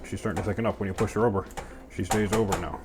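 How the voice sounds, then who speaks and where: Very fast and steady in tone, a man with a fairly low-pitched voice runs through each cooking step in his home kitchen. His casual narration is goofy and chatty, packed with playful sound words. Music sits clearly beneath his voice, and pans clatter in the background.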